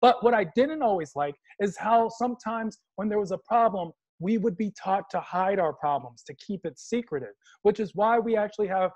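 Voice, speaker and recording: A man's voice: high-pitched, normal speed, hardly any pauses, lo-fi sound. A man from Washington, D.C., speaking as a panelist on a video call, telling stories with humor and slipping into mock voices. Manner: animated storyteller, slips into mock voices. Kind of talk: casual panel talk with humor.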